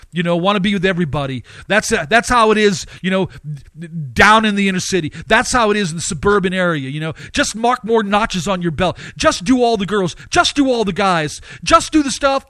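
A man with a high voice, preaching with emphatic force and piling up repeated phrases. He swings into sharp rising outbursts. The sound is dry and close, with no room around it. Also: expressive, brisk, dry recording. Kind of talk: sermon.

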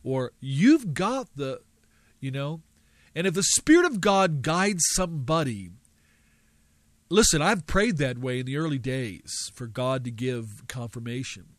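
A man's voice: mid-range voice, animated, unhurried, no echo. A man teaching a session on spiritual gifts in an earnest, preacherly way, stringing phrases together in lists. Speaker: Bible teacher.

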